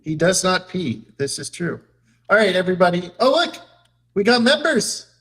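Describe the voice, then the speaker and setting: A man's voice: high voice, very animated, normal speed, fairly bright tone, poor audio. A young man hosting a casual live stream, joking loosely and reading chat aloud as he clicks around. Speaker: streamer and host.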